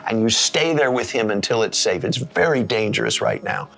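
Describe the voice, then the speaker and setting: A man's voice: lowish voice, expressive, normal speed, creaky, fairly bright tone, low-quality recording. A man voicing a worried, kind hotel desk clerk giving an urgent, earnest warning.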